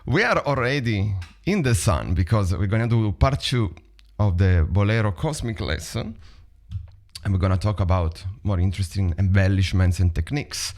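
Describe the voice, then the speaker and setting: Lively drum teacher with Italian accent. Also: male voice, on the low side, moderate pace. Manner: chatty, vocalizes rhythms, counts stickings aloud. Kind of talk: online drum lesson. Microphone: video call.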